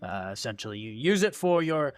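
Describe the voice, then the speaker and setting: A man's voice: mid-range voice, sing-song, brisk, dry recording. Casual man running a tabletop game. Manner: casual, many fillers. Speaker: game master.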